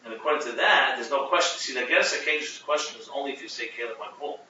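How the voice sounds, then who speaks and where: A man teaching a Chassidic text class, explaining with animated restarts and Hebrew terms. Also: medium pitch, quick pace, slight background noise. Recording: muffled, echoey room, from a distance.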